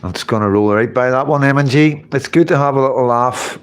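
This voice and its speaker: A man's voice: medium pitch, a little fast, a little hiss or hum. Rambling man, live chat. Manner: rambling, repeats phrases, swears casually. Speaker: livestream host reading chat.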